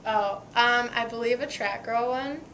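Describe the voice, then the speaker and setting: Bright young woman with deadpan jokes. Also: fairly high pitch, a little slow, a little hiss or hum. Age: young adult. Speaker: college soccer midfielder, interview guest. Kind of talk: casual interview answers.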